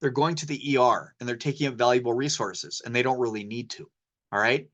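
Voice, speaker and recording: A man's voice: mid-range voice, fairly quick, a bit bright, muffled recording. A man giving an informal medical lecture as a poison control specialist, telling anecdotes and dropping slang. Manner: casual, anecdotal, sprinkles in slang.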